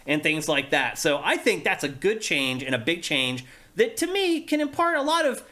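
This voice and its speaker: A man's voice: fairly high pitch, sing-song, normal speed, sharp tone. A man hosting a casual gaming podcast, eagerly walking through game features. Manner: enthusiastic, explanatory, runs through game features. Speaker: podcast host. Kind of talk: casual chat.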